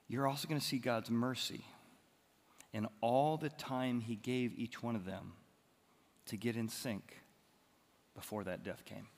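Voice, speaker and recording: A man preaching a sermon as the pastor, telling stories with lively, animated bursts of loud excitement. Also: mid-range voice, measured pace, long pauses. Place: church auditorium. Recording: long reverb of a large hall.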